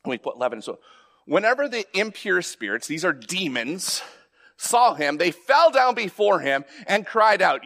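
A man delivers a sermon in a conversational, unscripted way. His voice sits high for a man, and he often repeats or restarts words before climbing into louder, more emphatic stretches. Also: big pitch swings, normal speed. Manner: conversational preaching with frequent restarts and rising emphasis. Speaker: pastor.

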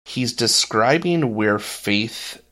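He's a podcast co-host in a casual talk about faith, earnestly relating something from his own life and mimicking how others spoke. The medium-pitched, fairly bright voice is animated yet delivered very slowly.

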